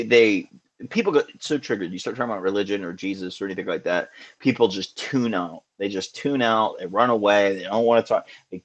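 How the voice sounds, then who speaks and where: A man's voice: mid-range voice, dull audio. A man hosting a casual live call-in show, talking in an earnest, musing way with many restarts.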